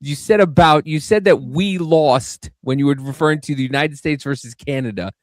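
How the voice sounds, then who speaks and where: A man in a casual group chat playfully scolds a friend and teases him without letting up. His voice sits at an ordinary pitch. The sound is dry and close to the mic. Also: moderate pace, no room sound. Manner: teasing, mock-scolding.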